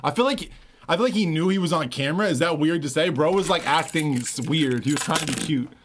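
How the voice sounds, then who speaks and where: A man's voice: a little high, fast, noisy background. A man who produces music, chatting casually on a livestream, swearing freely as he reads and answers viewers' messages.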